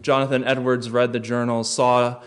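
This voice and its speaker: A man preaching a sermon, earnest, rising to loud emphasis and dropping to quiet, reflective lines. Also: medium pitch, flat delivery, normal speed, clean tone.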